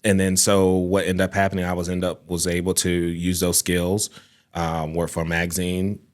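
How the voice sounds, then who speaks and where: A man as guest in a casual interview, relaxed and repeating his words as he talks. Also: low voice, moderate pace.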